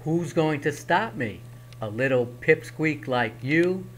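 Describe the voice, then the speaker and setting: A man's voice: a little high, lively intonation, slow pace, slight background noise. Man reading a bold, teasing hero.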